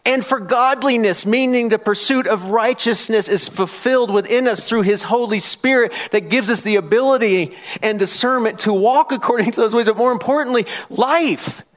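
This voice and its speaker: High voiced guy preaching in church, reads scripture, throws questions at the crowd. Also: normal speed, hardly any pauses. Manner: call-and-response preaching, rising to loud challenges; reads scripture aloud with emphasis. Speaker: pastor. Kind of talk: sermon. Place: church with congregation.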